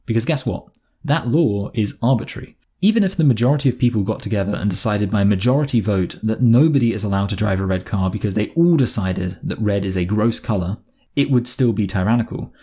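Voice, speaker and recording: Low, dark-voiced man with a sardonic edge. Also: animated, brisk, husky. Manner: dry, sardonic, argumentative. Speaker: video essayist. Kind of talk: scripted video essay narration.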